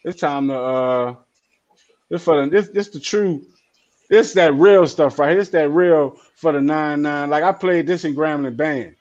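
A man hosting a draft watch party over a group call, animated and slangy, acting out quotes in his stories. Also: a little high, unhurried, highs cut off. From New Orleans. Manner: animated storyteller, slangy, acts out quotes loudly. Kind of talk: casual chat.

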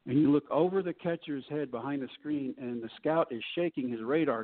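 A man's voice: medium pitch, fairly quick. A middle-aged man telling his story as a podcast guest in a folksy way, acting out the people he quotes. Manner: folksy, acts out quoted voices. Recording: tinny phone-like line.

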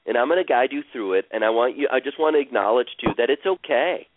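Calm man guiding a healing session. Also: medium pitch, no echo. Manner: slow, soothing, repeats phrases. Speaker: healer guiding a caller on a radio show. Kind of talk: guided emotional healing session. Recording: dry, tinny phone-like radio sound.

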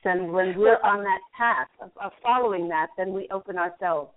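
A woman hosting a call-in radio show, passing on angel messages and card readings with gentle, repetitive reassurance. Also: mid-range voice, normal speed. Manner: repeats messages she says she hears, gentle reassuring advice. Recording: lo-fi phone-line audio.

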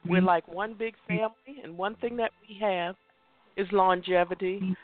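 A woman hosting a motivational talk show, speaking emphatically and repeating affirmations slowly. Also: medium pitch, steady tone, no room sound, soft background music. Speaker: host. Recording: tinny phone line.

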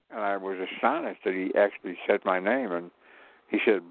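A man's voice: on the low side, sing-song, moderate pace, vocal fry, no room sound. An older man from Chicago, a guest on the show, telling rambling anecdotes with a chuckle and lots of fillers over a call-in phone line. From Chicago, USA. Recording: tinny dry phone line.

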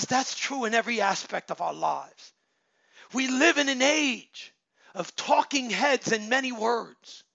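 Male pastor in his thirties, high gravelly voice, forceful preaching, dry lo-fi recording. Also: no echo. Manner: exhorting, swings from loud shouts to low murmurs. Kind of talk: sermon. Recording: dull lo-fi sound.

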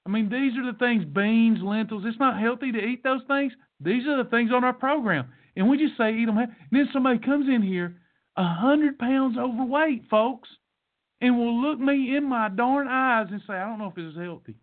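Brief: male podcast host, high voice, preachy motivational delivery, tinny phone-line sound. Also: normal speed. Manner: fervent, repetitive, sermon-like exhortation. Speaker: podcast host and diet program coach.

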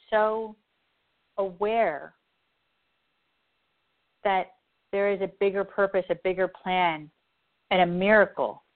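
Earnest woman host on a tinny line. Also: medium pitch. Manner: heartfelt, repetitive, earnest. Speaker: radio show host and psychic advisor. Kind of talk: emotional spiritual talk.

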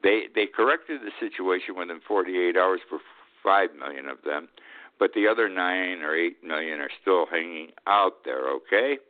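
A man's voice: low voice, lively intonation. An older man from upstate New York hosting a radio talk show, giving a blunt, sarcastic commentary monologue and often tagging on "okay?". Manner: blunt, sarcastic, drawn-out emphasis with frequent "okay?". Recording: tinny phone-like radio audio.

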